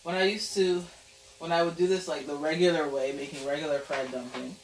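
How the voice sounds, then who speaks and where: Her back to the camera mic in a roomy kitchen, a channel host chats playfully through each step of her cooking vlog. She speaks fairly quickly in a low voice with fairly even intonation, sounding distant over faint background hiss.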